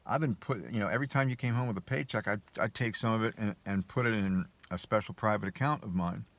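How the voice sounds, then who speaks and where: A man voicing an elderly housewife calmly explaining her secret savings. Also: fairly low pitch, fast talker. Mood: matter-of-fact.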